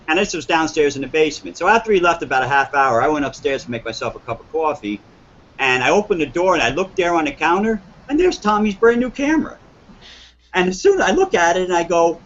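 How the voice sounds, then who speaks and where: A man's voice: a little high, fairly bright tone, slight background noise. Rambling man telling a tale, dull audio. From northern New Jersey. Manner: rambling, earnest, full of quoted dialogue and restarts. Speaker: guest telling his story. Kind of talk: live-streamed storytelling interview.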